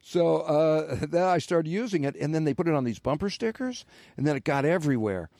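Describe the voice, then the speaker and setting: A man's voice: fairly high pitch, lively intonation, fast, a little mellow, dry recording, studio quality. Rambling older man telling stories. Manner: rambling storyteller, many fillers. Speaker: podcast guest, former radio host. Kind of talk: casual chat.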